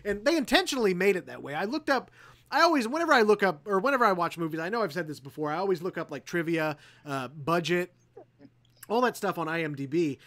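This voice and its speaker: A male co-host rambling about a movie in loose, profane banter. His pitch moves around a lot as he talks, and he keeps breaking into laughter. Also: animated, fast talker, sharp tone. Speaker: podcast co-host. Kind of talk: casual chat.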